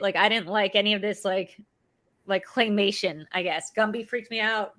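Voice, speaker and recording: Casting note: rambling, chatty woman co-host, bright clear voice. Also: medium pitch, animated, brisk. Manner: chatty, rambling with many likes. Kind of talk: casual chat. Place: home.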